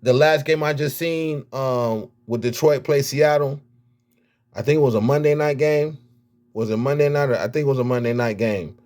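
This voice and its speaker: Slangy, animated man from Miami. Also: mid-range voice, normal speed. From United States. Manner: animated, slangy, repeats himself. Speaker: rapper and vlogger. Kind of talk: casual sports talk vlog.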